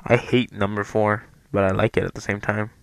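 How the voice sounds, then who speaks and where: A man's voice: on the low side, little pitch movement, a little fast, creaky, a bit bright, no room sound. A young man giving casual let's play commentary over a headset, rambling and self-deprecating, with frequent ums.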